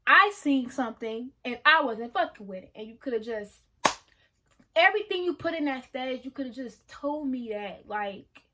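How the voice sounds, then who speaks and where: A woman's voice: sits high, lively intonation, moderate pace, bright, forceful tone, a little hiss or hum. A woman of about twenty telling her side of a story to camera in a casual, emotional vlog, speaking frankly and swearing freely. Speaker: vlogger.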